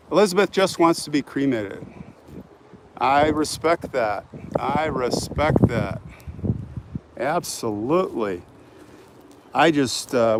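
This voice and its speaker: A man walking through a cemetery outdoors, chatting on a phone live stream and answering viewer comments as he goes. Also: fairly high pitch. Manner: talkative, reads viewer comments aloud and answers them. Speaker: vlogger hosting a live stream. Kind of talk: casual live-stream chat while walking. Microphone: phone held while walking. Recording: outdoor phone audio with wind noise.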